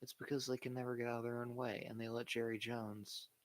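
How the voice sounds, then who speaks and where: A man's voice: mid-range voice, little pitch movement, fast talker. A man hosting a livestream, giving blunt, opinionated casual chat about wrestling and sports and swearing freely. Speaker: livestream host.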